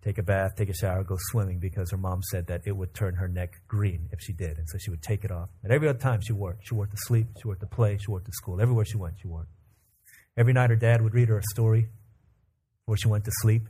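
A man preaching a sermon as pastor, calmly telling a family story and leading the congregation into prayer. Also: on the low side, fast, husky. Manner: calm storyteller who acts out family dialogue.

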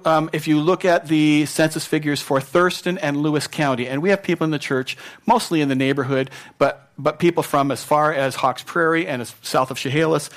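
A man preaching a sermon as pastor in a church, conversational and at times emphatic. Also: a little high.

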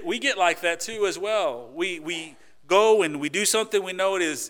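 A man preaching a sermon as pastor, talking to the congregation conversationally with rhetorical questions, swinging between loud emphasis and quiet asides. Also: on the high side.

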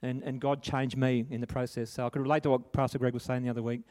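A middle-aged man delivers a sermon in an earnest, conversational way. His voice sits at an ordinary middle pitch. He drifts into personal stories, restarting phrases and tossing in tag questions. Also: flat delivery, quick pace, a little mellow. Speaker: preacher.

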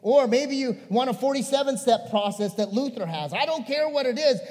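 Male pastor, high voice, animated preaching, reverberant hall. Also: moderate pace. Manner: animated, swinging between emphatic and hushed. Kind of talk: sermon.

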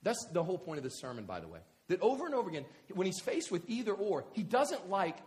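Animated man preaching a conversational sermon. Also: high-pitched, fast talker. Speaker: pastor.

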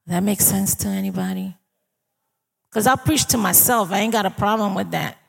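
A woman's voice: medium pitch, normal speed, creaky. A woman preaching a sermon in a conversational way, often turning to the congregation to check they follow. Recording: long reverb of a large hall.

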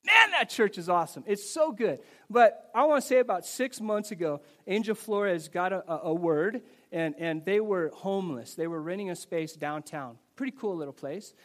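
A man preaching a sermon to his congregation in a church service, telling personal stories in a lively, conversational way. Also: high voice, normal speed, few pauses. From United States. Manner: conversational, animated storytelling preacher. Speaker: pastor.

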